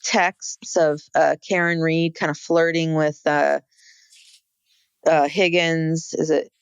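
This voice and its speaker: A woman's voice: low-pitched, flat delivery, slow, clear, resonant tone, no room sound. A woman co-hosting a podcast, talking casually about a court case, with many fillers and restarts. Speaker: podcast co-host.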